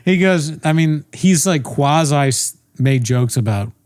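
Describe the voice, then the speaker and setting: A man's voice: fairly high pitch, lively intonation, unhurried, darkish tone, no echo. A man co-hosting a comedy podcast, ranting in casual profane chat with frequent restarts. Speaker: podcast co-host.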